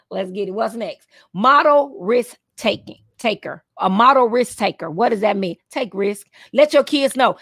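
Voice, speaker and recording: A woman's voice: a little high, expressive, unhurried, fairly bright tone, no room sound, studio quality. A woman coaching teachers on a live stream, preachy and playful, with punchy repeated phrases.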